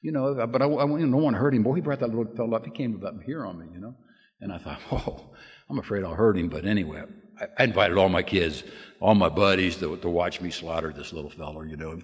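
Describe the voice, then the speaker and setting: A man's voice: sits low, fast. Older man telling folksy stories in a hall. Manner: folksy, laughing storyteller with many restarts. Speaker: AA speaker giving a lead. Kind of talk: storytelling talk at a recovery meeting. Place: meeting room with audience. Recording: hall with long reverb.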